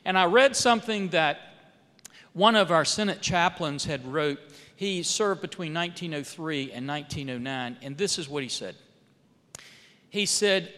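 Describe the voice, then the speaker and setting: A man with a notably high, bright and ringing voice gives a speech to a church gathering. He tells stories and acts out the dialogue, rising in volume for emphasis and sinking softly at the ends of phrases. His voice carries a long reverb, as if heard in a big hall. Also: moderate pace. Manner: storytelling with rising and falling emphasis, quoting others in dialogue. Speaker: congressman speaking at a church.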